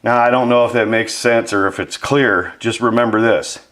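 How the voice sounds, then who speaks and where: A man's voice: medium pitch, fairly even intonation, moderate pace, fairly bright tone. A man chatting casually while he explains his model-building work, self-deprecating and explanatory. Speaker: model maker. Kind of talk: casual workshop narration.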